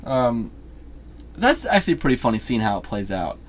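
A man's voice: lowish voice, very animated, racing, slight background noise. A man co-hosting a casual movie review chat, rambling, laughing easily and trailing off mid-sentence. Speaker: podcast co-host reviewing a movie.

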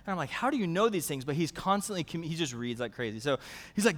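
A middle-aged male pastor preaching a sermon, telling family stories with animated, repetitive, building phrases in a church service. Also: fairly high pitch, very fast, big-room sound.

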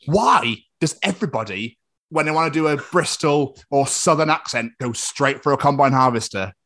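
A man's voice: fairly high pitch, expressive, moderate pace, a bit bright. A man co-hosting a podcast, chatting casually, rambling off on tangents and giggling. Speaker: podcast co-host. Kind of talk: casual chat.

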